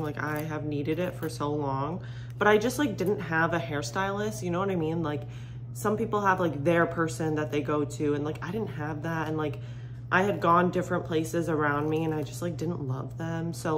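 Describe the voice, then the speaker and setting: Low-voiced young woman vlogging at home. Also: a little hiss or hum. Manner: chatty, rambling, lots of "like" fillers. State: morning voice, a bit low and groggy. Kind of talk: casual vlog chat to camera. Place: home kitchen, coffee machine running.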